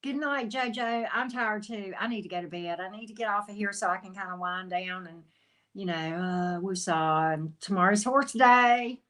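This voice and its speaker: A woman's voice: mid-range voice, normal speed, fairly bright tone. Chatty woman greeting her viewers. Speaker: tarot reader and channel host. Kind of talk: casual livestream chat with viewers.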